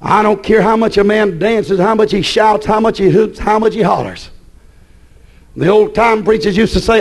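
High-voiced shouting preacher man. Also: moderate pace. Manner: chanted, repetitive, with sudden shouted peaks. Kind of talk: fiery evening church sermon. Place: church.

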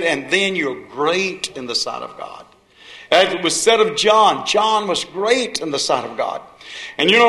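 A man preaching a sermon, telling folksy stories and swinging from shouts to hushed tones. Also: high-pitched. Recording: echoey room.

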